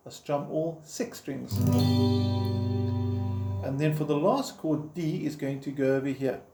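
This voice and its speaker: A man's voice: fairly high pitch, unhurried, warm tone. A man teaching guitar step by step in an informal, encouraging way, counting the beats aloud as he plays. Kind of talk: step-by-step instruction. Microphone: camera framing the guitar. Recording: roomy echo with guitar playing.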